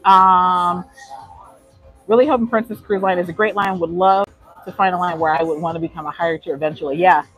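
A woman's voice: fairly low pitch, steady tone, fairly quick, a bit bright, slightly rough, soft background music, poor audio. A woman vlogger giving a chatty live walking tour of a cruise ship, answering chat questions, a little out of breath. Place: aboard a cruise ship, indoor decks.

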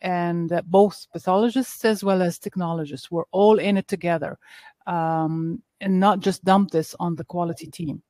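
A woman speaking on a webinar panel, giving measured, explanatory answers with frequent hesitations over a video call. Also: lowish voice, fairly even intonation, mellow, dry recording. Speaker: laboratory quality expert on a panel.

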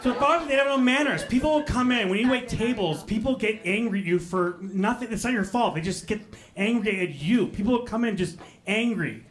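A man's voice: high voice, a little fast, hardly any pauses. A young adult man doing a stand-up comedy set into a handheld mic on a club stage, with exasperated, mocking, punchy rants. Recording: comedy club with audience laughter.

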